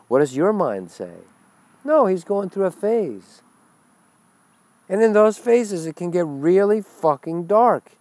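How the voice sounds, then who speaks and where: A man speaking as a spiritual teacher in a webcast monologue, blunt and animated, swearing freely. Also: sits high, unhurried, dry recording.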